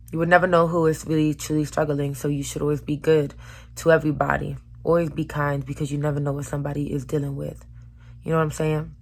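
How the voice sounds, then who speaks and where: Low-voiced woman talking frankly. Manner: frank and emotional, with slang and swearing. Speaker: vlogger. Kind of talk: candid personal vlog talk.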